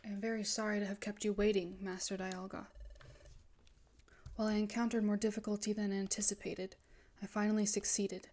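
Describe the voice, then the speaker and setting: A woman reading the lines of a sinister, formal male ghost Pokemon from a video game in a low, hushed voice. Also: flat delivery, brisk, slight background noise, natural voice. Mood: cold, formal.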